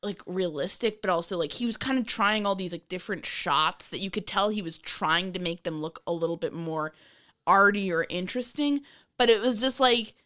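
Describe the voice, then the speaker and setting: A woman co-hosting a podcast, chatting casually in a rambling, animated way, with frequent swearing and laughter. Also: fairly low pitch. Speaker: podcast co-host. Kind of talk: casual chat.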